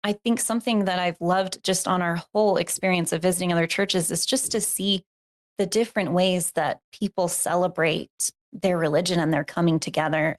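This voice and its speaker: An earnest woman shares a reflective, descriptive story as a guest on an interview podcast. She pauses on fillers as she talks. Her voice is somewhat low.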